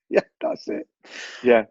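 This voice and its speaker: A man's voice: darkish tone, no echo, highs cut off. A man with an English accent, a coaching client chatting casually and repeating phrases for emphasis. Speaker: coaching client giving a testimonial. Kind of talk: casual chat.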